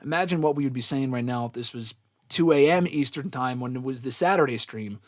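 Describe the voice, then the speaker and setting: A man with a medium-pitched voice talks briskly, recorded dry with clean studio sound. He hosts a live-stream wrestling question show, loose, giggly and casual, reading viewers' chat comments aloud and answering fan questions.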